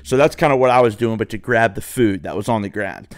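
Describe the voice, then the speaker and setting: A man's voice: fairly low pitch, fast talker, no room sound, clean studio sound. A young man telling a rambling, profane story to his viewers in a casual way. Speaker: vlogger.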